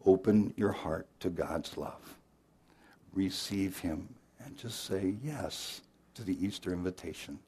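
A male pastor preaching an Easter sermon, telling a story dramatically and moving between loud emphasis and hushed, earnest appeals. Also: low-pitched, takes it slowly, husky.

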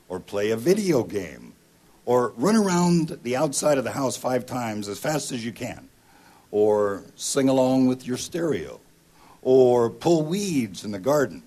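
A male pastor giving a sermon in a conversational way, often pausing with ums and uhs. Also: medium pitch, darkish tone.

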